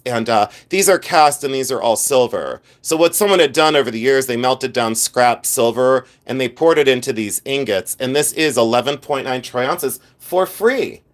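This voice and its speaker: A middle-aged man from Ohio with an Ohio accent, a reseller chatting animatedly on a live stream while showing jewelry. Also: medium pitch. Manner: chatty, animated, quick asides and laughs. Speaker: jewelry reseller hosting a livestream. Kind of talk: live stream show-and-tell.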